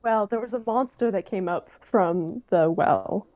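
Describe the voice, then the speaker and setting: Calm woman explaining in a tabletop game. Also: mid-range voice, measured pace, no room sound, narrow, tinny audio. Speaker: player. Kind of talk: in-character tabletop play.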